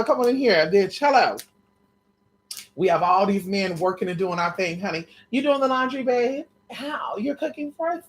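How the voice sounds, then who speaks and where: A woman in casual storytelling chat, sassy and profane, acting out both sides of conversations. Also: lowish voice. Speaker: vlogger telling stories.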